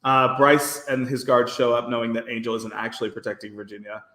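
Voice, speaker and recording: A man's voice: medium pitch, steady tone, a little fast, sharp tone, roomy sound. A man with a faint Brooklyn accent, co-hosting a podcast and recapping an episode in a rambling, filler-heavy casual chat. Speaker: podcast co-host.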